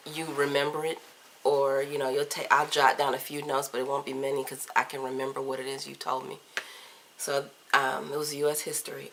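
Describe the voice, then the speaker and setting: A woman in her thirties from Virginia, chatting casually through a list of tag questions on a camcorder, candid and playful, often trailing off softly. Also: extremely low pitch. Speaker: vlogger. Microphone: camcorder mic.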